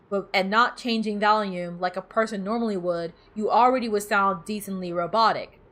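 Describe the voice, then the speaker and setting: A woman's voice: medium pitch, a bit bright. A woman streamer chatting casually while she plays, reading game text aloud and laughing easily. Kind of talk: casual gameplay commentary.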